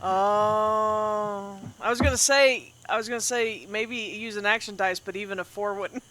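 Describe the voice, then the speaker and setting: A woman playing a tabletop game, reacting quickly with laughs and exasperation. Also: mid-range voice, fairly even intonation, a bit bright. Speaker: player. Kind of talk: casual tabletop play.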